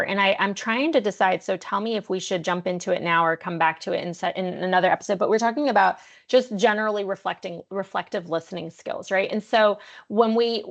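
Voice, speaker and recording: A woman's voice: medium pitch, a bit bright. A woman hosting a podcast, chatty and thinking aloud as she sets up questions. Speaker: podcast host. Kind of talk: podcast interview.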